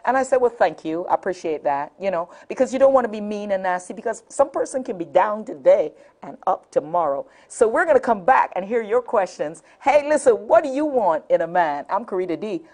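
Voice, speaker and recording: Animated woman hosting a call-in show. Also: medium pitch, brisk, hardly any pauses. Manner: animated storyteller, laughs often, repeats phone numbers. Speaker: talk show host. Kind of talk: lively call-in show talk.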